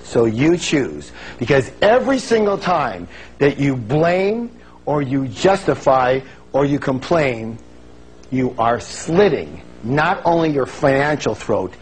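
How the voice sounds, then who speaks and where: A man giving a lively motivational seminar talk, calling on the audience to answer and acting out the voices he quotes. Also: mid-range voice, slow, breathy edge, low-quality recording. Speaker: seminar speaker. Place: large seminar hall with an audience.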